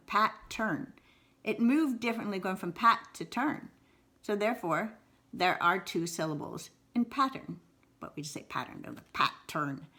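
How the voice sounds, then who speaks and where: A woman teaching a video lesson on syllables, repeating words slowly and exaggerating them, with encouraging asides. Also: mid-range voice, sharp tone. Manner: slow, exaggerated word repetition, encouraging. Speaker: writing teacher.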